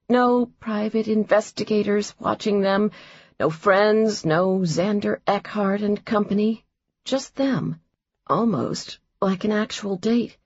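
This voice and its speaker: A woman narrating a romance audiobook in an even, measured reading. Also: medium pitch, slightly rough, no room sound, lo-fi sound.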